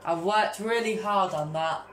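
A woman giving casual gameplay commentary as a vlogger, excitable and constantly calling out to her viewers. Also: mid-range voice, measured pace, roomy sound, slight background noise, low-quality recording. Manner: excitable, keeps addressing viewers as guys. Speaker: gaming vlogger.

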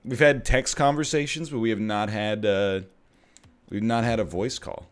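Excitable jokey male streamer. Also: lowish voice, clear, resonant tone. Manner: excitable, jokey, quick laughs. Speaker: streamer co-host. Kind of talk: casual stream chat.

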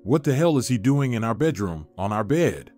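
A man voicing a jealous, cheating husband who shouts and pleads in a raised, strained voice. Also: mid-range voice, very animated, normal speed, soft background music, lightly acted. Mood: outraged.

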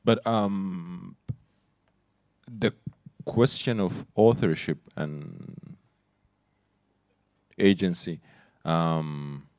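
A man's voice: low-pitched, fairly even intonation, very slow, long pauses, a little mellow, dry recording, clean studio sound. A man on a panel thinking aloud in a reflective discussion, full of "you know, like".

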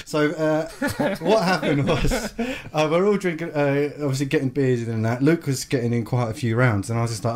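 A man's voice: on the high side, moderate pace, hardly any pauses. A man from England, co-host of a tabletop podcast, telling a rambling story in casual chat and swearing freely.

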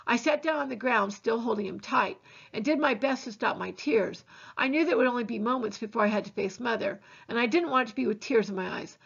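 Woman reading a novel aloud, gravelly. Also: on the high side, fairly quick. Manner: earnest, steady reading with small slips. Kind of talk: novel read-aloud narration. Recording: dull lo-fi recording.

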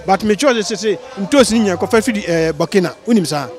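A high-voiced man with a Ghanaian accent speaks in an outdoor street interview. He talks earnestly and pleadingly, halting and restarting his sentences. Faint music plays under the recording. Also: expressive.

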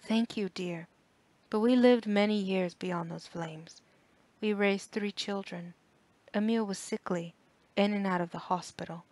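A woman voicing a gentle, patient elderly widow who speaks kindly and softly in an audiobook. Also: mid-range voice, unhurried, close to an everyday voice.

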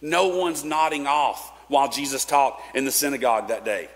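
A man's voice: mid-range voice, moderate pace. A man preaching a sermon in a casual, conversational way, with fillers and restarts. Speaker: pastor. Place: church sanctuary. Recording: long church reverb.

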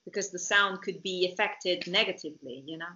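A woman's voice: fairly low pitch, brisk, pushed and bright. A woman from Italy with an Italian accent, chatting casually as a co-host, laughing often and searching for words. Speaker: singing diction teacher, co-host. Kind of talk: casual conversation. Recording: dull lo-fi sound.

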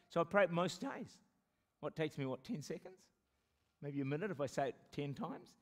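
A man with a New Zealand accent preaching a sermon to a congregation, animated, joking and laughing between points, and slowing right down to pray. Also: fairly high pitch. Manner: pleading slowly when quoting prayers. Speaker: pastor. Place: church service with a congregation.

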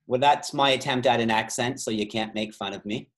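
A man hosting a trivia quiz over a video call, reading out multiple-choice options slowly and drawing out the key words, with chatty asides and quick self-corrections. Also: medium pitch. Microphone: video call microphone.

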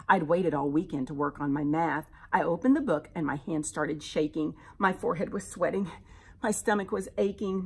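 Woman teacher, expressive picture-book reader, low husky voice. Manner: animated, expressive storyteller. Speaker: teacher reading to children. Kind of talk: reading a rhyming picture book aloud.

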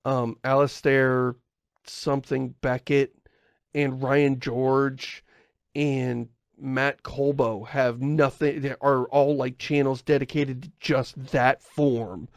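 A man with a gravelly, fry-edged voice chats loosely as a podcast co-host. He rambles, doubles back to fix himself and chuckles between thoughts. The sound is close and dry. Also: medium pitch, little pitch movement, slow, dry recording. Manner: rambling, self-correcting, chuckles often. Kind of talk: casual podcast chat.

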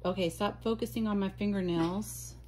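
A woman's voice: medium pitch, steady tone, moderate pace, a little mellow, slight background noise. A woman vlogger chatting casually as she unboxes mail, gushing and exclaiming often. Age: adult.

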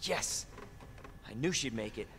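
A man voicing a young rookie police officer in a video game cutscene, steady and determined. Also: on the low side, measured pace. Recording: game audio with long reverb and faint noise.

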